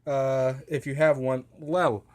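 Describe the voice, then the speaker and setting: A man's voice: medium pitch, flat delivery, takes it slowly, darkish tone. A young man hosting a casual chat show, rambling and joking with crude banter. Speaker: podcast host.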